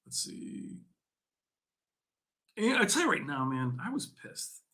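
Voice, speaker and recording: A man hosting a casual community livestream chat, excitable and jokey, often laughing and teasing his viewers. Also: sits high, slow pace. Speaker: livestream host.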